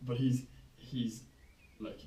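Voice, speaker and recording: A man's voice: mid-range voice, level tone, slow, mellow. A man co-hosting a podcast, telling a rambling, sweary anecdote full of "right?" asides. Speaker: podcast co-host. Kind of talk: casual chat, storytelling. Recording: echoey room, mic far off.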